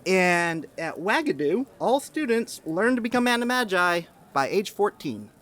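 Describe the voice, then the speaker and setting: Podcast host, mid pitch, earnest rambling delivery. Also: very animated, measured pace, fairly bright tone. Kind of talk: casual chat.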